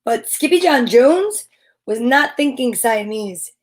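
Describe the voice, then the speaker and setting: A woman's voice: fairly high pitch, animated, slow. Playful woman reading a storybook aloud. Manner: playful, chatty asides to listeners. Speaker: children's story reader. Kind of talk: reading a picture book aloud.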